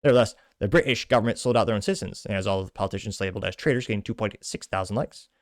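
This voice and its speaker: A podcast host with a lowish male voice reads social media posts aloud on his commentary show, tossing in brisk, scornful remarks between them. The sound is clean and studio-grade, with no echo.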